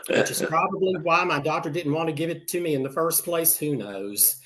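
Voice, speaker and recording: A man's voice: fairly high pitch, brisk, fairly bright tone. An older man from Texas doing a campy, sassy stand-up set, punctuated with air kisses. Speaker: stand-up comedian.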